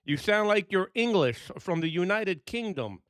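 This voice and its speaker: Upbeat radio amateur, a bit high-pitched, dry and close. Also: male voice, big pitch swings, fairly bright tone, clear, resonant tone, no echo. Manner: upbeat, enthusiastic, brisk call signs. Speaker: ham radio operator. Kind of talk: radio calls and casual chat. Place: home room in New York.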